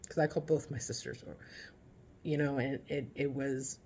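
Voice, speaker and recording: A woman giving a casual, heartfelt vlog update from home about caring for her father, talking haltingly with many restarts, teary at times. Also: rumbling low, flat delivery, warm tone, slight background noise.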